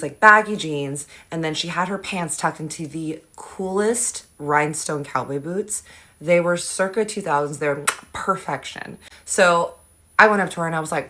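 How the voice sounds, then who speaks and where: A young woman telling a story in a casual, animated and sarcastic way, acting out the people in it. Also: fairly low pitch. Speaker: content creator telling a story.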